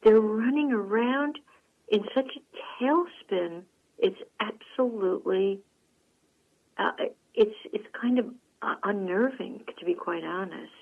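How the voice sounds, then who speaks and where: A woman hosting a radio talk show, telling stories to listeners in a folksy, animated way. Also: mid-range voice, slow pace, vocal fry, phone-quality sound. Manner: folksy, animated storytelling with frequent laughs. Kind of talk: chatty monologue to listeners.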